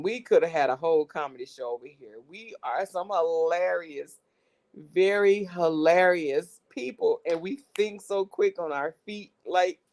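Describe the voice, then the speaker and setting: A woman talks to her viewers in an unhurried, slangy way. Her voice sits a little low, and she keeps breaking into fits of laughter as she speaks. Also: a little mellow. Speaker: commentary vlogger. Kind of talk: casual commentary.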